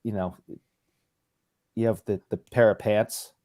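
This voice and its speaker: A man's voice: fairly low pitch, steady tone, a little slow, darkish tone. A man with a Boston accent chatting on a podcast, dry and joking. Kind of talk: casual podcast chat.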